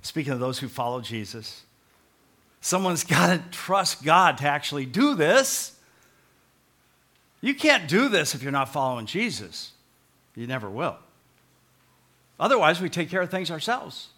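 Male pastor, sermon delivery, bright voice, conversational, punchy repeats, big dynamic swings from loud to soft. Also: on the high side, sing-song, a little slow, long pauses. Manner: emphatic, swings from loud proclaiming to quiet earnest pleading; conversational, repeats short phrases for emphasis.

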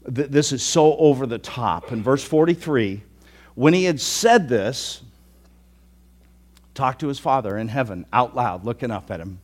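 A man preaching a sermon, telling the story with animation, acting out quoted thoughts and swinging from loud declarations to hushed asides. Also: mid-range voice. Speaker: pastor.

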